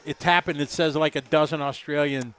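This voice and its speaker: A man in his fifties chats his way through race commentary, his voice sitting a little high. He rambles and jokes easily, relaxed and friendly with his co-host. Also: a little fast, clear, resonant tone. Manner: chatty, rambling, jokey. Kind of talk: casual live commentary chat.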